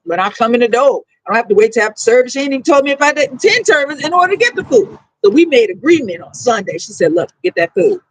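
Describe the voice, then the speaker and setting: A woman's voice: high voice, big pitch swings, fast talker, rough recording. A woman with a New Orleans accent, talking bluntly and profanely in a rambling livestream monologue. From New Orleans, USA.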